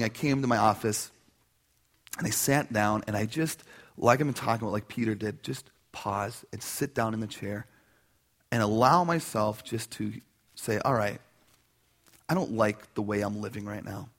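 A man preaching a sermon as a pastor, telling a personal story in an animated way and acting out the voices he quotes. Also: lowish voice, normal speed.

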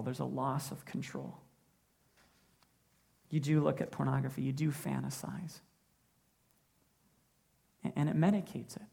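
Pastor preaching with a heavily gravelly voice. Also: mid-range voice, darkish tone. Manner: earnest, builds with repetition. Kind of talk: sermon.

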